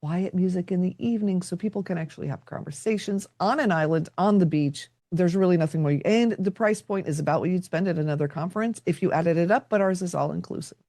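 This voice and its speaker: Gravelly low woman telling stories. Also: fast, hardly any pauses, mellow, no room sound, clean studio sound. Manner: reflective, tells stories with quoted dialogue. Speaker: podcast guest. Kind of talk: conversational interview.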